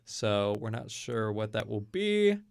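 Chatty young man with a smooth voice. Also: on the low side, sing-song, unhurried. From Kentucky, USA. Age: young adult. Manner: chatty, storytelling, many fillers. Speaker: college student guest. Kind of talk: casual interview chat.

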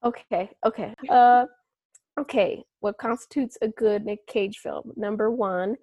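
A woman's voice: mid-range voice, steady tone, unhurried, warm tone, no echo. A young woman co-hosting a casual chat, talking chattily with lots of fillers and frequent laughs.

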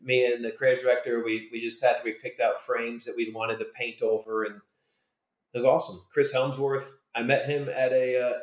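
A man's voice: mid-range voice, a bit bright. A man guest on a podcast telling stories about his design work, enthusiastic, with trailing restarts. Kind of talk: casual podcast interview. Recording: roomy echo.

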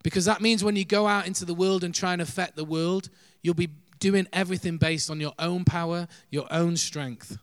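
A man's voice: high-pitched, fairly even intonation, brisk, hardly any pauses, smooth, dry recording. A man preaching a sermon, earnest, shifting his pace and volume for emphasis, with light laughs.

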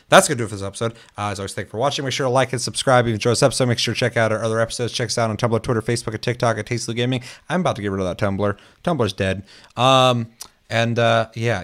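A young man hosting a casual gaming podcast, laid-back and swearing freely as he rambles. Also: mid-range voice. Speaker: podcast host.

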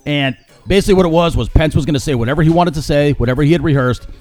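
Fast-talking sarcastic male podcast host. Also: fairly high pitch, darkish tone, soft background music. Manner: sarcastic, mocking, ranting. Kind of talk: opinionated solo commentary.

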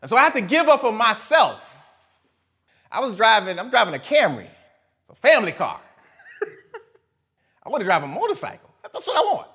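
High, lively male preacher. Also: normal speed, pauses often, slightly rough. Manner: animated, swinging between loud emphasis and soft asides, often laughing. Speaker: pastor. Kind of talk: sermon.

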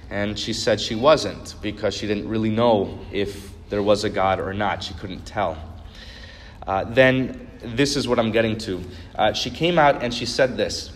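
Earnest preaching man in reverberant hall. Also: on the low side. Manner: earnest storytelling preacher, building to emphatic repetition. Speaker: pastor. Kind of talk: sermon. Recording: long reverb of a large hall.

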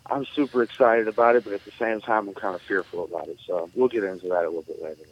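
A man guesting on a podcast, chatting casually in an animated way and often repeating himself. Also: lowish voice, very fast. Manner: animated, repeats phrases, laughs along. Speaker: musician and radio host, guest. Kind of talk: casual interview chat. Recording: dull lo-fi sound.

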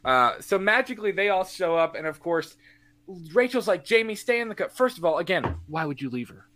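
Animated man recapping a horror movie. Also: fairly high pitch, brisk. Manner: animated storyteller acting out scenes. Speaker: podcast co-host. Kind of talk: casual movie recap chat.

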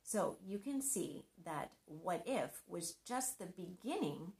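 A middle-aged woman with a fairly low voice gives a scripted devotional talk about marriage. She's earnest and conversational, adding gentle humor, and her delivery is slow and sing-song.

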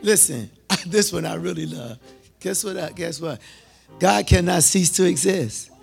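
High-voiced, gravelly preacher. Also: male voice, measured pace, soft background music. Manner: call-and-response, repetitive, swings from loud to hushed. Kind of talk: sermon.

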